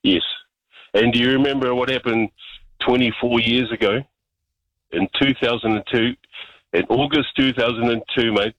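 Brief: New Zealand male caller, mid pitch, dull muffled dry line, emphatic and matey. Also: steady tone, moderate pace, pauses often, a bit bright, dry recording. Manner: emphatic, keeps saying mate. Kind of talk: casual phone-in chat.

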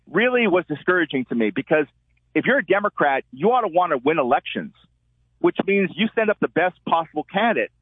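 A man, a columnist guest, telling stories in an animated way and acting out the quotes he tells. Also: fairly high pitch, fairly quick, husky, no room sound. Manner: animated storyteller, acts out quotes. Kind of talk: call-in commentary. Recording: tinny phone line.

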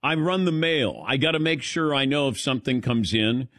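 A man's voice: medium pitch, expressive, moderate pace, a bit bright, no room sound. A man hosting a sports talk radio show, teasing his crew in casual studio banter. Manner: dry teasing, laughs often.

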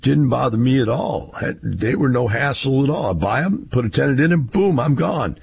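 A man's voice: mid-range voice, lively intonation, moderate pace, gravelly, slight background noise. A man, rambling through a casual monologue in a folksy storytelling way.

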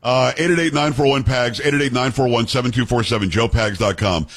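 A male radio talk show host chatting on air in an animated, joking way. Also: medium pitch, brisk. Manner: animated, joking, thinks aloud. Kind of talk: casual on-air chat.

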